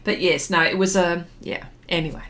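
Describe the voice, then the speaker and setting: A woman's voice: fairly low pitch, steady tone, normal speed, a bit bright. A middle-aged woman hosting an art livestream, chatting casually and reminiscing with plenty of fillers while she draws. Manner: rambling, reminiscing, with many fillers and laughs. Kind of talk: casual chat while drawing and reading viewer comments.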